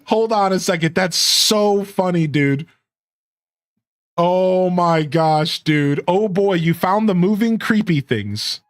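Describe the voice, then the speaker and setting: A young man streaming games, chatting excitably, laughing often and reading his chat aloud. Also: high-pitched, slow. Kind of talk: casual gaming commentary.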